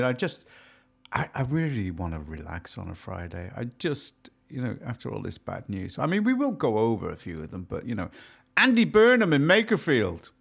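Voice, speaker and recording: A man co-hosting a casual chat show, joking and animated. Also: fairly low pitch, vocal fry. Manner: jokey, animated, laughs at his own gags. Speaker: podcast co-host.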